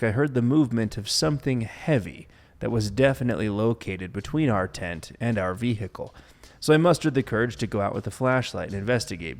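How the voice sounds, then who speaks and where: A male podcast co-host reads a camping story in a low voice. He drops in dry, joking asides. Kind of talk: reading stories aloud with banter.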